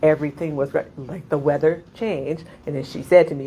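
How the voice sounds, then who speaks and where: Middle-aged woman, deep voice, chatty digressive storyteller at a reading, quick to laugh. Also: fairly even intonation, background noise. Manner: rambling, laughing, many "like" fillers. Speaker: poet.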